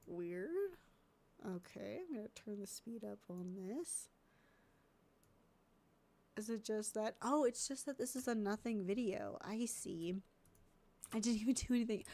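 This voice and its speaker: A woman's voice: mid-range voice, creaky, dark tone. A congested woman streamer chatting casually and thinking aloud while editing videos, easily distracted.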